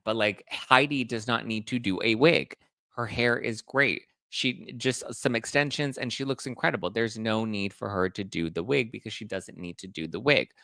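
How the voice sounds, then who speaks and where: A man's voice: fairly low pitch, moderate pace, gravelly, bright, forceful tone, dry recording, studio quality. A man hosting celebrity gossip commentary, chatting to viewers in a gossipy way while he reacts to photos. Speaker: host.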